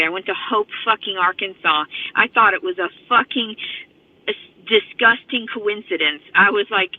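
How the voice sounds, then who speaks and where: A woman's voice: mid-range voice, dry recording. Woman vlogger, profane rambling rant, slightly out of breath, thin phone-line audio. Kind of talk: rambling monologue to camera. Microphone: phone camera.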